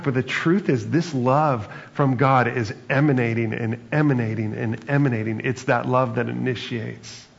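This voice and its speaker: A man's voice: mid-range voice, moderate pace, creaky, hardly any pauses. A man preaching a sermon in a conversational, reflective way, often adding "right?" and "like" as he talks. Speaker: pastor. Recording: dull, lo-fi sound with long reverb.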